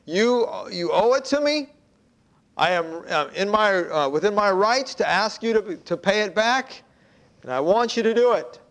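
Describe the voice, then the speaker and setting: A man voicing a stern but compassionate male creditor in a spoken parable, talking low and halting. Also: expressive, fairly bright tone, exaggerated voice. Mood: firm.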